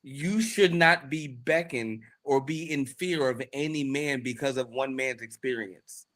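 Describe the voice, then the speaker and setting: A man co-hosting a talk podcast, speaking casually but with emphatic, sermon-like repetition. His voice sits at an ordinary middle pitch as he builds each point. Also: measured pace, a bit bright. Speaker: podcast co-host. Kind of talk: casual chat.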